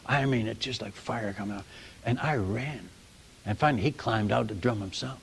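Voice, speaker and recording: Gravelly older man preaching folksy stories. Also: on the low side, normal speed, slight background noise. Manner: animated, folksy, addresses audience as folks and friends. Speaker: missionary preacher. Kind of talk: storytelling sermon.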